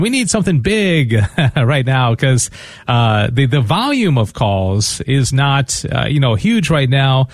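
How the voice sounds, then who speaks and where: A man's voice: medium pitch, very animated, slow, no echo. A man hosting a radio fundraiser, talking casually and stumbling over repeated words as he makes his appeal. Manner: talkative, repeats words often. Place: radio studio.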